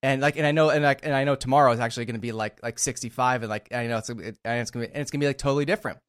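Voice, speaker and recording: A man's voice: medium pitch, fairly even intonation, rapid-fire, clear, resonant tone. A man in a casual conversation, laid-back and loose, leaning on filler words and calling his guest "man". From northeastern United States.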